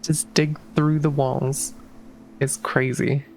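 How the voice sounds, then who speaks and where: A woman's voice: a bass voice, flat delivery, slow pace, gravelly, a little mellow, a little hiss or hum. A woman streaming a puzzle game, talking through her moves in loose, casual commentary and restarting her sentences often. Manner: thinks aloud, restarts sentences, swears casually.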